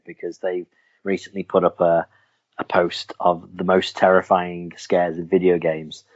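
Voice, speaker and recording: A man hosting a podcast, chatting casually about films and games in a rambling way with lots of restarts. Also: low voice. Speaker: podcast host. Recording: dull lo-fi recording.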